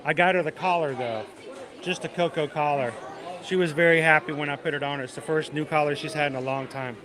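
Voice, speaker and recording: A man's voice: on the high side, fairly even intonation, a little fast. A man hosting a casual livestream from a busy theme park, chatting, greeting viewers by name and laughing easily. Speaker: livestream host. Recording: loud crowd noise outdoors. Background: crowd chatter.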